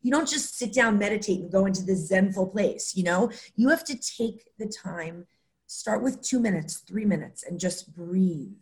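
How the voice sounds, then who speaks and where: A woman hosting a podcast in casual conversation, enthusiastic and affirming, with an energetic way of talking. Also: mid-range voice, normal speed. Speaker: podcast host.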